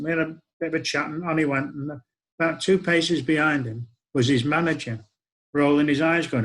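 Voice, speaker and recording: A man's voice: on the high side, steady tone, moderate pace, fairly bright tone, poor audio. A man, telling a wry, reflective personal story in a conversational way. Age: 60s. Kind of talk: spoken-word storytelling.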